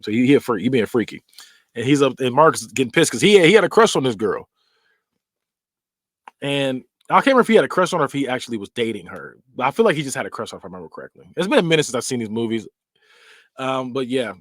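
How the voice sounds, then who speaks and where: A man hosting a podcast, casually recapping film scenes in an animated storytelling way, with vocal sound effects. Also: medium pitch, fast talker, no echo, studio quality. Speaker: podcast host.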